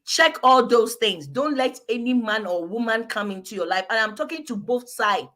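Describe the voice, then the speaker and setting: A woman from Africa, a guest giving animated, emphatic advice in a preachy, exhortative manner. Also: fairly high pitch, normal speed.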